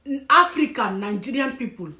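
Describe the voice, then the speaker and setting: A woman's voice: fairly high pitch, expressive, normal speed, sharp tone. Emphatic woman vlogger in echoey room. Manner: emphatic, scolding, apologetic asides. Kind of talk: opinionated commentary. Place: lives in Germany.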